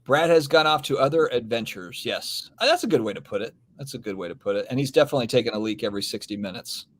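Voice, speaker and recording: A man's voice: medium pitch, lively intonation, fast talker. A man hosting a casual live stream, rambling easily and greeting viewers from the comments. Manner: laid-back, rambling, reads out viewer comments. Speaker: podcast host.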